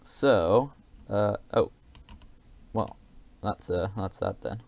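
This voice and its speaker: A man's voice: fairly low pitch, very slow, vocal fry, darkish tone. A man giving casual, rambling gameplay commentary, hesitant and self-deprecating, with many fillers.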